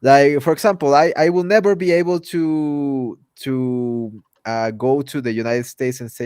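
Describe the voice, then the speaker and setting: A man's voice: mid-range voice, normal speed, hardly any pauses, a little mellow, clear, resonant tone, no echo, clean studio sound. Mexican man chatting on a live stream. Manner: laughs often, talks in restarts. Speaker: podcast host. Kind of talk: casual live-stream chat.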